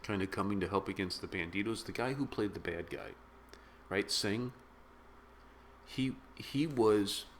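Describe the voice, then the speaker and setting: A middle-aged man reviewing a movie in a casual, rambling, excitable way, full of slang. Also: fairly low pitch, a little slow, long pauses, slight background noise. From of British descent. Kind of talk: casual spoken film review.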